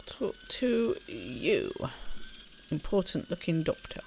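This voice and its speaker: A woman's voice: on the low side, very animated, slow, creaky, a little mellow, slight background noise. A woman hosting a let's play, chatting casually and giggling as she plays. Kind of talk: casual gaming commentary.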